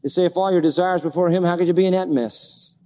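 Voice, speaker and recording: A man's voice: sits high, fairly even intonation, fast talker, dark tone, in a large hall. A man preaching a sermon as a pastor, asking repeated rhetorical questions and reading scripture aloud in old-fashioned wording.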